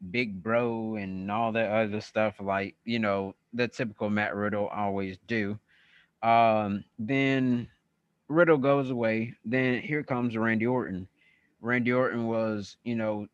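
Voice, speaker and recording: A man's voice: fairly low pitch, clean tone, no room sound, highs cut off. A man hosting a casual wrestling podcast, recapping matches in a rambling way with many fillers. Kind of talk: casual show recap chat.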